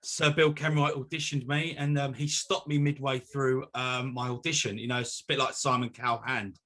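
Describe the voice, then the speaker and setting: Bright-voiced man telling stories. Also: medium pitch, fairly even intonation, normal speed. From North West London. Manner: chatty storyteller, laughs easily. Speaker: guest. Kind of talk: casual chat.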